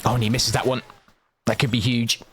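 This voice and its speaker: Man, game shoutcaster, quick play-by-play, faint gunfire behind. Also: medium pitch, a little hiss or hum. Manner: quick, excitable play-by-play with casual asides to chat. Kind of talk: live esports commentary.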